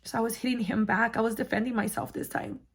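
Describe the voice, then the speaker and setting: A woman's voice: fairly high pitch, fairly even intonation, fast talker, breathy edge. A woman vlogger candidly recounting her own life story, with frequent fillers and blunt swearing. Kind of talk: personal storytelling.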